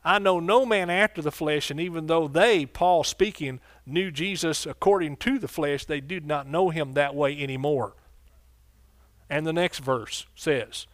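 Pastor preaching with call-and-response. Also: male voice, a little high, a little slow, a bit bright, dry recording, studio quality. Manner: preacherly call-and-response, asks congregation questions. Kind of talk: sermon.

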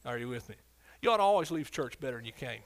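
A man preaching a sermon as pastor, swinging between loud declarations and quiet asides, often calling out for an amen. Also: mid-range voice, lively intonation, quick pace.

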